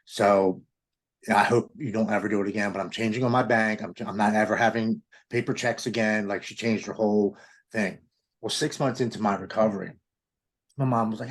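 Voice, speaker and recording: A man earnestly telling his recovery story, halting often with restarts and repeated words. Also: fairly low pitch, steady tone. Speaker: podcast guest. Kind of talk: candid personal recovery story.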